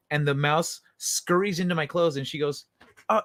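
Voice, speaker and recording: A man's voice: on the high side, fast, fairly bright tone, dry recording, studio quality. A man hosting a casual late-night livestream, reading chat messages aloud and answering them in a loose, profane way. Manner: loose and profane, swears freely. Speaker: livestream host.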